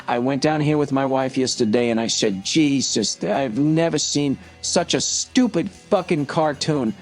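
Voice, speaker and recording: A man doing a profane, grumbling comedian. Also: on the high side. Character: crude, grumbling male comedian podcaster, middle-aged.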